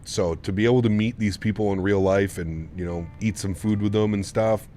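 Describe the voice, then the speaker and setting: A man with a fairly low voice chats loosely with his stream while he flies, rambling from one thought to the next and laughing easily. There is a faint hiss under his voice. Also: fairly even intonation, brisk, warm tone. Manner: rambling, easygoing, laughs often. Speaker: flight sim streamer. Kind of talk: casual livestream chat.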